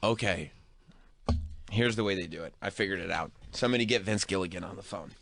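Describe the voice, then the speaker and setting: A man's voice: low voice, vocal fry, a bit bright. A man co-hosting a casual podcast chat, joking and laughing often. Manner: joking, laughs often, does quick voices of characters. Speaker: podcast co-host.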